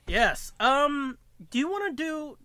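A man co-hosting a podcast in casual chat, telling stories in an animated, profane way. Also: extremely high pitch, slow, no echo, studio quality. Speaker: podcast co-host.

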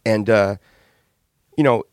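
A man, a band's frontman, telling candid, animated studio stories in a casual interview, with swearing and laughs. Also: lowish voice, takes it slowly, smooth, no echo. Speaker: band frontman and singer.

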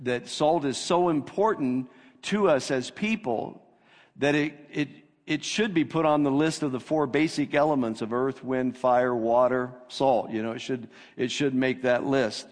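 Pastor guy preaching, middle-pitched voice, big hall reverb, gets emphatic on scripture. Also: measured pace. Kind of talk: sermon. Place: church sanctuary. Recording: long reverb of a church hall.

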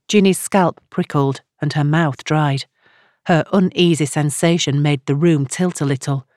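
A woman narrating a novel in a measured storytelling manner. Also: sits low, steady tone, darkish tone, dry recording, studio quality. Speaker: audiobook narrator. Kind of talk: scripted narration.

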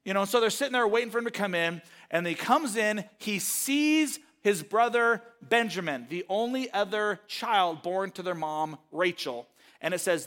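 High-voiced man preaching casually. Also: a bit bright. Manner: retells scripture casually, voicing characters in quick asides. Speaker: pastor. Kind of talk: sermon.

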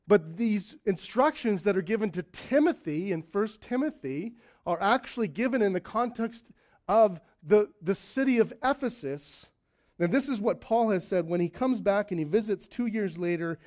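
High-voiced man preaching a casual sermon. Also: a little mellow. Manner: conversational, joking asides, acts out quoted voices. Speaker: lead elder of a church plant.

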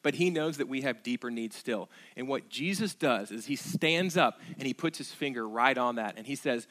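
A man's voice: medium pitch, normal speed, hardly any pauses, a bit bright. A man, preaching a sermon as pastor in a conversational, emphatic way, repeating key phrases.

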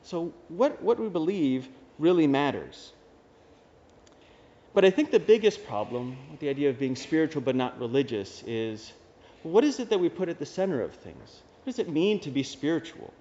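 A man's voice: a little high, animated, moderate pace, warm tone. A man, a Dominican priest, giving a homily in a casual, conversational way with wry asides. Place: church. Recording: dull reverberant church recording.

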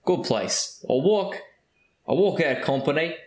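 Drunk British man, played by a man, stammering, pushy, mixed British-Australian accent, higher voice, echoey room. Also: expressive, measured pace. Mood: rambling. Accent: mixed British and Australian impression.

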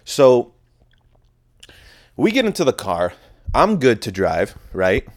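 A man's voice: mid-range voice, huge pitch swings, takes it slowly. A young man from telling a rambling, profane story about a night out on his podcast. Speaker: podcast host. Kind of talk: casual storytelling monologue.

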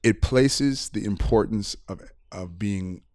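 A man with a fairly low voice chats as a podcast guest. He muses out loud, laughs often, and restarts his sentences as he thinks. His tone is relaxed and conversational. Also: slow. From United States. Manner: laughing, reflective, repeats words while thinking. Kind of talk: casual conversation.

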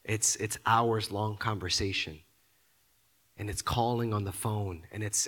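A man preaching a sermon, often repeating his words and building to loud, emphatic peaks. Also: lowish voice. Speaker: pastor.

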